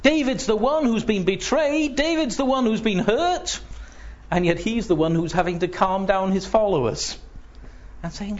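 A man preaching a sermon in a slow, earnest way, often dropping to a hushed voice as he quotes. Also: sits high. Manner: slow, earnest, voice drops to near-whisper when quoting. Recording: dull lo-fi recording.

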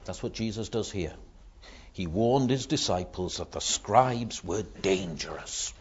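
A man's voice: lowish voice, lively intonation, a little slow, slightly rough. A man preaching a sermon, explaining patiently and asking rhetorical questions. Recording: dull lo-fi recording.

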